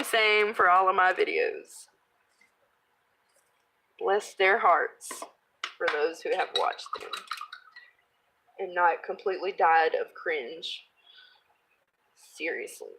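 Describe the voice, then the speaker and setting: A woman in her thirties casually chatting while she crafts, rambling off on tangents, laughing at herself and clearing her throat. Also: mid-range voice, steady tone, takes it slowly, pauses often, bright, forceful tone, rough recording. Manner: rambling, self-deprecating, laughs often. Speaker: craft video host.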